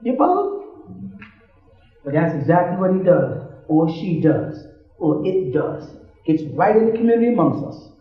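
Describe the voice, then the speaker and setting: A man's voice: fairly high pitch, sing-song, moderate pace. A man giving a joking sermon-style lecture to a congregation, acting out little scenes and laughing often, heard on an old archive recording. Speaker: religious lecturer. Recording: tinny, very echoey archive recording.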